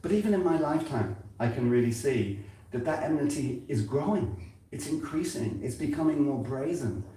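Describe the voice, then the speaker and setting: An older man from England giving an informal sermon at a temple, talking conversationally and halting often, repeating words and using fillers. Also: mid-range voice, lively intonation, mellow. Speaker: spiritual speaker at a temple gathering. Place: temple hall. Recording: very echoey hall, heard from a distance.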